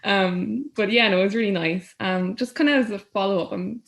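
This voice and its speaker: A woman's voice: medium pitch, fairly quick, creaky. A young Irish woman interviewing a guest, friendly and hesitant, with many fillers. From Ireland. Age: young adult. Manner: friendly, hesitant, laughs between phrases. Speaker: student interviewer. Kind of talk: casual interview.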